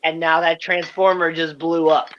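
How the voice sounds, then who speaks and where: Bright-voiced man on dull call audio. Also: a little high, level tone, normal speed, a little hiss or hum. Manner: easygoing, explaining with filler words. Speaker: stream guest. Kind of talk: casual livestream chat.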